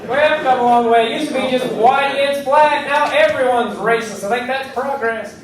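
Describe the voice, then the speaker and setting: Here a man performs a comedy club stand-up set, punchy and brash, voicing the people he quotes. His pitch is extremely high and his pace a little fast. The roomy recording, made from a distance with the crowd, is very noisy, and audience laughter runs underneath.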